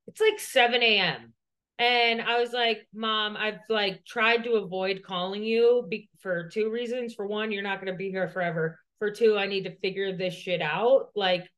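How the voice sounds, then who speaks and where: A woman's voice: mid-range voice, moderate pace, fairly bright tone. A woman co-hosting a podcast, telling a personal story in a rambling, profane way, full of "like". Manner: profane, rambling, heavy use of "like". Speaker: podcast co-host.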